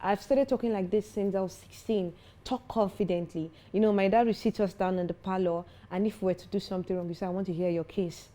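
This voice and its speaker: A woman's voice: medium pitch, quick pace, few pauses. A young adult woman, a foundation founder, talking earnestly and confidently as an interview guest. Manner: earnest, confident, animated when telling stories. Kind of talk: interview conversation.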